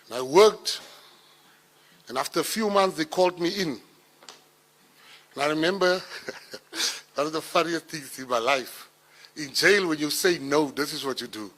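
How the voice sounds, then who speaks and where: A middle-aged South African man giving a speech, telling personal stories and acting out the dialogue, rising loud at the punchlines. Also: fairly high pitch, a little slow, long pauses. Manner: animated storyteller, acts out dialogue, gets loud at punchlines. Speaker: minister giving a keynote speech. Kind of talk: storytelling speech to an audience.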